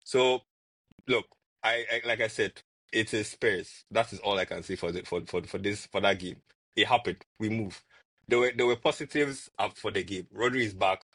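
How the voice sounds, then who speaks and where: A man with a husky voice, chatting casually about football as a podcast co-host and repeating words as he argues. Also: fairly low pitch, normal speed, no echo. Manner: animated, repeats words when arguing.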